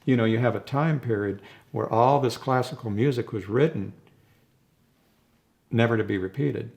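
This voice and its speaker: Older male rock drummer, gravelly voice, rambling and reminiscing in an interview. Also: medium pitch, moderate pace, a little mellow. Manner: rambling, reminiscing, chuckles between stories. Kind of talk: casual interview storytelling.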